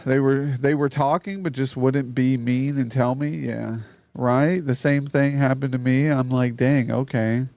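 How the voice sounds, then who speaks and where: A male streamer with a gravelly, creaky voice talks loosely and swears often as he chats with a guest and his viewers. His sound is close and dry, with no room around it. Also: medium pitch, fairly even intonation, measured pace, darkish tone, dry recording. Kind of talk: casual live-stream chat. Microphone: streaming mic on a mixer.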